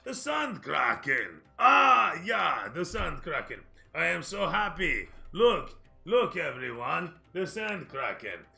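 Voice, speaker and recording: A man voicing a big brutish male ogre guard who talks slowly, gruffly and loudly. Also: lowish voice, soft background music. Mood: excited.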